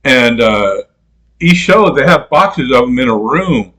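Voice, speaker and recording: A man's voice: mid-range voice, expressive, slow, fairly bright tone. A man telling stories in a casual rant, rambling, swearing freely and laughing at his own jokes. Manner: mimics other people in quoted voices. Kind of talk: casual profane storytelling rant.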